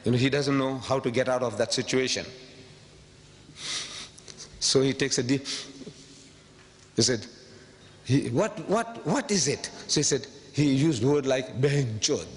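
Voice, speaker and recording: A man giving a public lecture to an audience, emphatic and rhetorical, repeating phrases and swinging from quiet asides to sudden high outbursts. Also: unhurried, pauses often. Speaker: public speaker. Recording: long hall reverb, faint background noise.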